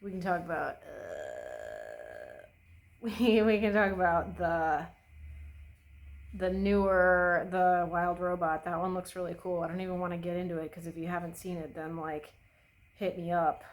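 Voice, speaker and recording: A woman's voice: on the low side, animated, measured pace, gravelly, poor audio. Chatty, foul-mouthed young woman vlogger. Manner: swears freely, chatty and opinionated; rambling with many fillers and restarts. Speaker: beauty vlogger. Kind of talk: casual chat while doing makeup.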